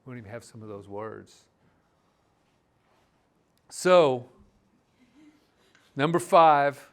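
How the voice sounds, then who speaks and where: A man's voice: medium pitch, takes it slowly. Guy teaching a language class, laid back, rambles and restarts a lot, medium voice. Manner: relaxed, rambling explanations with many restarts.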